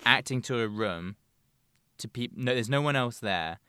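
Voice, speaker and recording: A man co-hosting a casual podcast chat, relaxed and quick to joke. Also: medium pitch, clean tone, no room sound, studio quality. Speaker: podcast co-host.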